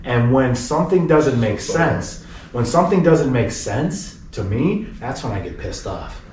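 A man's voice: mid-range voice, measured pace, far from the mic. A young man tells a story as a podcast guest, swearing freely and acting out the other people in it. His voice sits in the middle of the male range. He sounds set back from the mic in a roomy space with a faint hiss behind him. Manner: profane, animated storyteller who acts out the people in his story. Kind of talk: casual storytelling.

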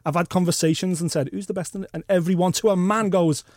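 A man co-hosting a podcast, giving strong opinions in an excitable way. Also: high voice, quick pace, no echo, studio quality. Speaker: podcast co-host. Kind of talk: casual podcast chat. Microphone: studio mic.

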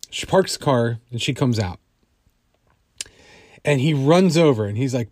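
A man's voice: medium pitch, lively intonation, a little slow, long pauses, darkish tone, dry recording. Guy telling a personal story, chatty with lots of fillers, dry close sound. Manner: conversational, many fillers.

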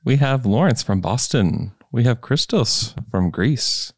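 A man's voice: medium pitch, lively intonation, measured pace, dry recording, studio quality. A man hosting a podcast, chatting casually and reading out viewers' names from the live stream. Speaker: podcast host. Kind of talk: casual chat, reading stream shout-outs.

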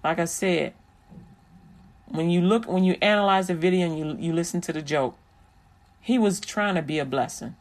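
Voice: mid-range voice, normal speed, long pauses. Preachy, encouraging vlogger. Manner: repetitive, encouraging, sermon-like. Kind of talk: preachy inspirational commentary.

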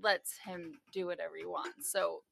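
A woman's voice: fairly low pitch, level tone, normal speed, creaky, fairly bright tone, no room sound. A woman in a casual chat, cutting in with teasing, dry remarks.

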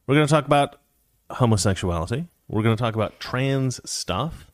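A man's voice: medium pitch, animated, normal speed, no echo, studio quality. A man hosting a casual livestream commentary show, talking in a sarcastic, ranting way. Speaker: host.

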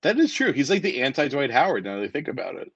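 A man's voice: medium pitch, very animated, quick pace, creaky, slightly rough, no echo, muffled recording. A man co-hosting a sports podcast, making dry wisecracking asides in casual chat. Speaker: podcast co-host.

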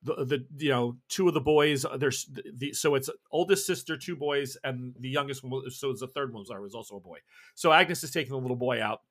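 A man's voice: medium pitch, fairly quick, fairly bright tone. A man narrating as game master of a tabletop horror game, describing scenes with frequent restarts.

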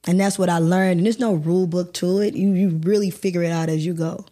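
Candid woman, warm low-key tone. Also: steady tone, fast talker. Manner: emotional, candid storytelling with swearing. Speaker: guest actor. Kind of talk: candid podcast interview.

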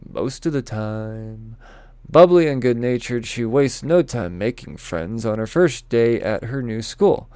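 A man's voice: medium pitch, expressive, measured pace, a little mellow, clean tone, no room sound. A man rambling casually through comic previews, stumbling over names, swearing and joking at his own expense. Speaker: comics vlogger.

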